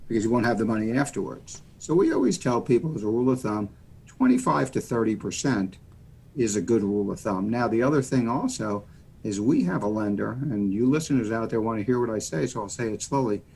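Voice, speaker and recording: Talking a little fast in a lowish, creaky, husky voice with a darkish tone, an American mortgage lender gets animated as he explains loans. It's a casual podcast interview, and his folksy, rambling explanations are full of "you know."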